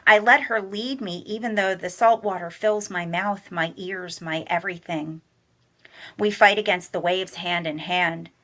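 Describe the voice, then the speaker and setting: A woman reading a novel aloud in a measured, soft-spoken way, slowing down on the somber passages. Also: lowish voice, fairly even intonation. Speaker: college director and humanities teacher reading aloud.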